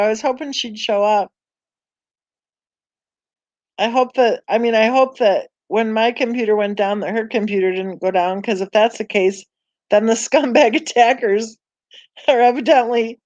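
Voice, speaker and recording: A woman's voice: a little high, a little mellow, dry recording, dull audio. A woman hosting a casual live-stream chat on a true crime channel, rambling and thinking aloud as she browses, sighing and sounding tired.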